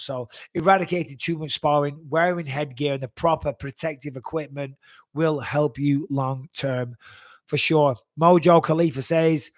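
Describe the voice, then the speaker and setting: A man's voice: a little high, dry recording. Blunt, swearing man. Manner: blunt, profane, animated storytelling. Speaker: host answering viewer questions. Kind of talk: live Q&A chat.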